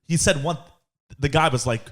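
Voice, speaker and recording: A young man co-hosting a podcast, telling a story in casual chat and acting out quotes in high voices. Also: moderate pace, fairly bright tone. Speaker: podcast co-host.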